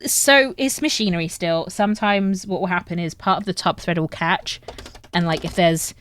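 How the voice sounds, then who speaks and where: A woman's voice: lowish voice, moderate pace, fairly bright tone. A young woman from England with a northern English accent, chatting casually with viewers on a sewing livestream. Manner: chatty, reads chat aloud and talks to viewers while sewing. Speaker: streamer.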